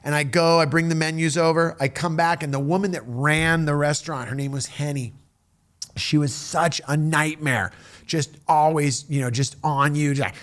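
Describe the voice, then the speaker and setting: A middle-aged man spins a casual personal story, his voice bouncing between quiet asides and sudden lively peaks. He acts out the people he met with quick shifts in tone, keeping an easy conversational pace. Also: a little high. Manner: animated, acts out quoted voices.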